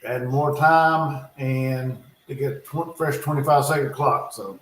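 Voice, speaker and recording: A man's voice: mid-range voice, takes it slowly. A man hosting a casual livestream, reacting to a football game live with chatty play-by-play and muttered asides, at home. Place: home in North Carolina. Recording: echoey room.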